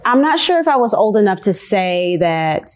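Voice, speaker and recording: An American woman telling a personal story in a slow, reflective way, pausing often. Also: mid-range voice, very animated. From United States. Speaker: interviewee telling her story. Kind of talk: personal testimony.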